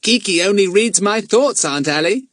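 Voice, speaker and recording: A man's voice: high voice, animated, normal speed, a bit bright, no room sound, studio quality, pitched above the performer's own voice. A man voicing a cheeky, blunt teenage boy in a storybook. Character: cheeky boy with a parrot, young teen.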